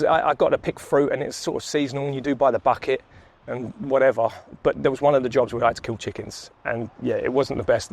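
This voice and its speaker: A man, telling his story in casual chat while walking down a city street, laughing and swearing freely. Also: mid-range voice. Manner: laid-back, swears freely, laughs often. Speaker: vlogger, sales coach. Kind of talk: casual walk-and-talk storytelling.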